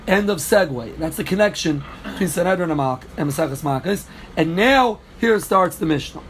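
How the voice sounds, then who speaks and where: A man with a fairly high voice leads a Talmud class, walking through the text line by line and repeating key phrases. He stops to answer questions from the students. A faint hum of room noise sits under his voice. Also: expressive, normal speed. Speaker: Talmud teacher.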